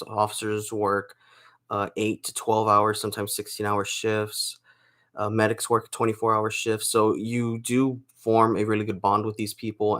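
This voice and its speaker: Low-voiced man rambling to camera, feeling unwell. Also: a bit bright. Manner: rambling, chatty, with many restarts and fillers. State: unwell, sore throat. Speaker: vlogger. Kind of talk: casual to-camera vlog chat.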